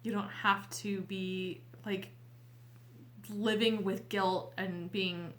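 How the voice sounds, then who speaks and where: A woman host talking casually and heartfelt to her viewers, tearful and earnest, with a halting way of speaking. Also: mid-range voice, a bit bright. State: weepy, tearful. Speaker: tarot reader and channel host. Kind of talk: casual heartfelt talk to camera.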